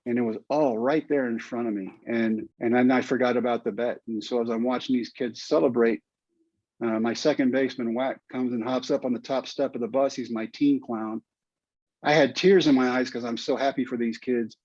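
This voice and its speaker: A man's voice: medium pitch, steady tone, a little fast, darkish tone, no room sound. An older man with a Texan drawl tells a story with earnest feeling. His voice sits in a middle register, and the sound is dull and lo-fi with a dry, close feel. He speaks as a podcast guest recalling what moved him. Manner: emotional, earnest storytelling with quoted asides. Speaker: guest, former pitcher and teacher.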